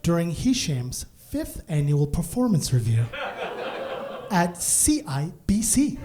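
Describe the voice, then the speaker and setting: Male stand-up comic, very lively pitch, animated, laughing through his story on stage. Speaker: stand-up comedian. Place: comedy stage.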